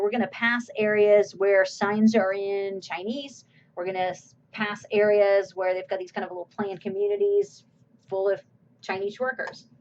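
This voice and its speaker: A woman's voice: medium pitch, highs cut off, a little hiss or hum. A woman course instructor giving a recorded slide lecture in a conversational way, asking her own questions and answering them.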